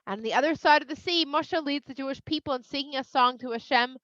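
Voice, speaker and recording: A woman from Toronto, telling a kids' story in an animated, expressive way with playful asides. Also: high-pitched, quick pace, no echo. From Toronto, Canada. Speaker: children's Bible storyteller. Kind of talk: storytelling for kids. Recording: slightly dull, dry sound.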